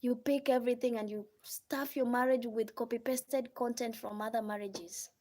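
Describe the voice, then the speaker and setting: A woman's voice: a little high, steady tone, moderate pace, mellow. A woman with a Kenyan accent giving relationship advice on a live stream, scolding and asking rhetorical questions. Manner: scolding, rhetorical, mimics others' voices. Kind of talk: casual live-stream monologue.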